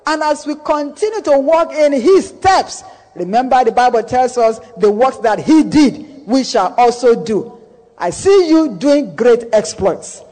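A male preacher delivers a sermon in a strikingly high voice. He speaks slowly and deliberately, leaning on each phrase and repeating the key ones for emphasis. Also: expressive, darkish tone, poor audio.

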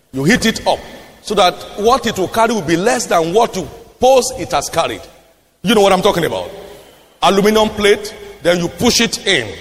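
Preacher, emphatic and wide-ranging. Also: male voice, on the high side, creaky. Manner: emphatic, repeats lines, rises to shouted declarations. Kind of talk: sermon. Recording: reverberant hall.

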